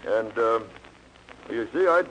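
A man imitating a shy, tight-lipped cowboy film hero in a 1940s radio comedy, drawling haltingly. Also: medium pitch, animated, noisy background. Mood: bashful. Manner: halting, drawling, through clenched teeth. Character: laconic cowboy film hero, strong silent type.

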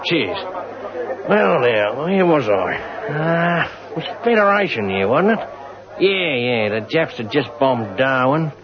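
A man's voice: a little high, very animated, slow pace, dull audio, a crowd in the background, noisy background. A man playing an old, boozy, muddled Australian journalist with an Australian accent, rambling in a forgetful drawl.

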